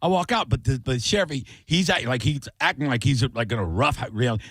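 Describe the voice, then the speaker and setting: A middle-aged comedian spins a long story into a studio microphone. He talks in an ordinary mid-range voice and breaks into loud, high-pitched impressions of the people in it. The room sounds dry and close. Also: expressive, a little fast, husky, no room sound. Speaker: comedian guest. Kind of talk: storytelling on a radio talk show.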